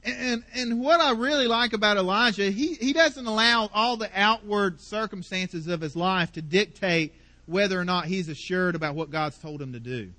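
High, bright-voiced preaching man. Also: moderate pace. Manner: emphatic, repetitive, passionate preaching. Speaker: pastor. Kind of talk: sermon.

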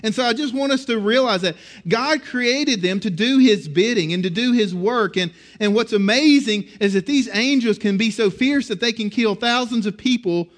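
A middle-aged man preaching a sermon in a conversational, animated way, often restarting his phrases. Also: high-pitched, moderate pace. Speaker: pastor.

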